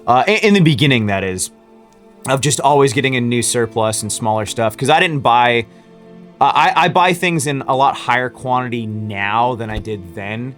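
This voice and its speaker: A man tells a story in a casual vlog about running his own business. His pitch sits in the middle, and his talk rambles with lots of fillers and false starts. Faint music plays underneath. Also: animated, moderate pace, fairly bright tone. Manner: rambling, with frequent restarts and fillers. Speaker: small business owner.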